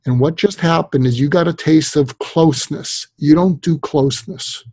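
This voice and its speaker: A man's voice: a little high, moderate pace, breathy edge, no echo. An older man, a psychiatrist guest on a podcast interview, telling stories and acting out the voices of people he quotes. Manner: animated storyteller, acts out quoted voices.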